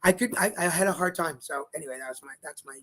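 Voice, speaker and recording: A man co-hosting a casual livestream chat show, telling a story in a lively way and acting out the other people in it. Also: fairly high pitch, quick pace. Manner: animated storyteller, acts out quoted lines. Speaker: co-host.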